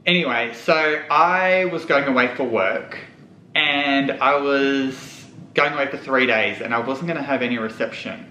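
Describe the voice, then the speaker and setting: Young man, candid vlog storytime, bright tone, echoey room. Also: mid-range voice, unhurried, slight background noise. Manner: candid, tearful, holding back tears. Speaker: vlogger. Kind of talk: emotional storytime to camera. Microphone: camera mic.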